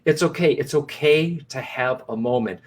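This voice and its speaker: A man's voice: medium pitch, moderate pace. A man co-hosting a live broadcast as a psychic medium, speaking earnestly and reassuringly straight to his viewers, often restarting and repeating phrases.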